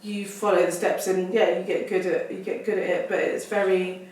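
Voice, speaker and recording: A woman's voice: medium pitch, little pitch movement, normal speed, darkish tone. A woman, talking as a guest doctor and explaining things in steps with fillers. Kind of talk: casual conversation. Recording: roomy echo, distant mic.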